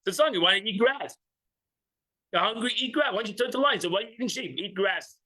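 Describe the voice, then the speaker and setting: A man's voice: high voice, lively intonation, quick pace, pushed and bright, poor audio. A man teaching an informal religious class, joking with listeners and acting out little scenes. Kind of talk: informal class with audience banter.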